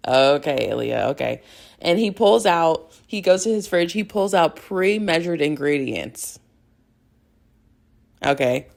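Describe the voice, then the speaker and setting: A young woman hosts her own podcast, chatting through a recap with giggles and plenty of fillers. Her voice sits low and carries a gravelly vocal fry, and she keeps jumping from point to point in a rambling, excitable way. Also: unhurried. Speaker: podcast host. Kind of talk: casual fangirl recap.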